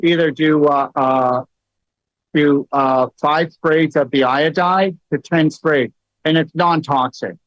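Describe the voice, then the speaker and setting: A middle-aged man hosting a casual talk, telling stories with many fillers and animated asides. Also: a little high, slow pace, no echo. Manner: storytelling, many fillers, rising into animated quoted lines. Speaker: host. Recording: dull, dry lo-fi sound.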